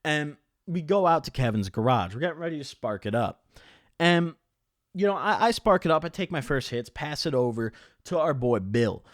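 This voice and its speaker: Young male vlogger, lively swooping delivery, foul-mouthed and rambling, dry close sound. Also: a little high, moderate pace, dry recording. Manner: animated, profane, rambling with many fillers. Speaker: vlogger telling a story. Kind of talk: casual storytelling to camera.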